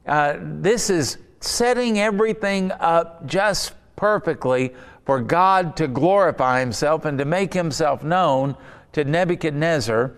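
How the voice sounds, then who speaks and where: A man delivering a sermon in a slightly higher, smooth and resonant voice. He teaches conversationally and drifts into personal anecdotes. The sound carries a long hall reverb. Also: expressive, measured pace.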